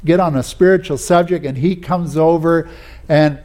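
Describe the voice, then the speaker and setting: Delivering a sermon, a man tells personal anecdotes folksily, often restarting and saying "you know." His warm voice is on the high side, with fairly even intonation and a moderate pace.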